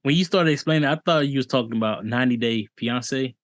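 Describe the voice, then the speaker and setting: A man's voice: medium pitch, fast talker. A man co-hosting a podcast in casual chat, listening closely and asking curious follow-up questions. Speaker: podcast co-host.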